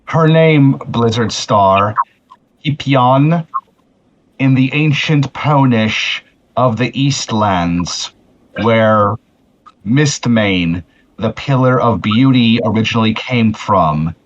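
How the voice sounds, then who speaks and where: A man playing a tabletop role-playing game who talks deliberately, restarting his sentences. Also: mid-range voice, lo-fi sound. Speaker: player. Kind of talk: tabletop role-play, in and out of character.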